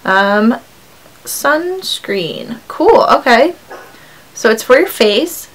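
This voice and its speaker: A woman's voice: sits high, very animated, extremely slow, rough recording. A young woman vlogging in a casual, chatty, upbeat way as she unboxes beauty samples, with frequent ums and likes.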